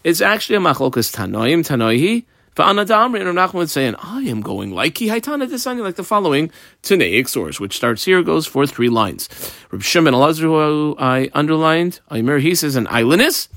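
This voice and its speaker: A man teaching a Talmud page line by line, in a lively, sing-song study cadence. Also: fairly high pitch, brisk, gravelly, no room sound, studio quality. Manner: explains line by line, mixing Hebrew and Aramaic terms. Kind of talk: Talmud lesson walkthrough.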